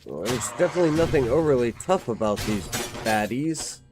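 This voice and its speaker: A man's voice: mid-range voice, expressive, normal speed, music in the background. A man giving casual gameplay commentary as a game reviewer. He is slightly out of breath, swears now and then and reads game text aloud. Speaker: game reviewer playing on stream.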